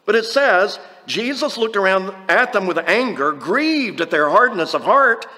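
High, bright-voiced male preacher in a hall. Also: big pitch swings, a little slow. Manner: conversational, with scripture readings and restarts. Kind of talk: sermon.

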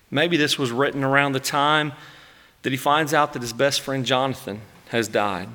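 Bright-voiced man in his thirties, preaching. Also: mid-range voice, steady tone, moderate pace, big-room sound. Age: 30s. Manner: earnest, emotive preaching that acts out anguished laments. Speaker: pastor. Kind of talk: sermon.

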